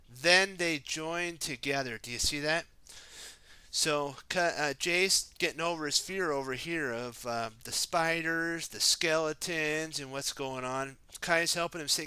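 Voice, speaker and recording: Guy reading a kids story, bright clear voice, kinda high, pauses to ask questions. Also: dry recording. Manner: slow, chatty, asks the listener questions; shouts the heroes' lines in a raised, excited voice. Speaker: storybook reader. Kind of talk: casual read-aloud for kids.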